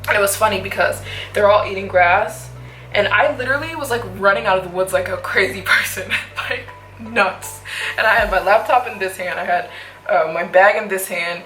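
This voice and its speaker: A young woman vlogger telling a story in a lively way, full of fillers. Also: medium pitch. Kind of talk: storytime narration. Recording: roomy echo with faint music.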